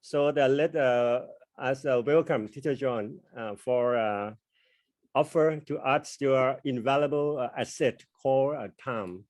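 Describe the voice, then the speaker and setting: A man hosting an online English class, asking his guest questions formally with many hesitant pauses. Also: medium pitch, darkish tone, dry recording.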